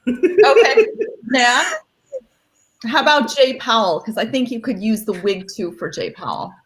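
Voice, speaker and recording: Teasing female co-host, slightly high voice, casual chat. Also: animated, measured pace, low-quality recording. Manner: teasing, egging on.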